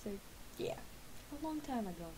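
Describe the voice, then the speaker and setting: A woman's voice: sits high, big pitch swings, normal speed, noisy background. Sleepy, rambling young woman vlogger. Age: late 20s. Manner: rambling, chatty, self-correcting. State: sleepy, just woke up. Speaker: vlogger and gamer. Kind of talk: casual chat. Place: at home.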